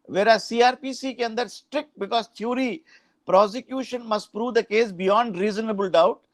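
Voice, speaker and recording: High-voiced Indian man lecturing on law. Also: fairly quick, dry recording. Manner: explanatory, frequent "huh?" and "uh" asides, mixes in Hindi phrases. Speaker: law professor.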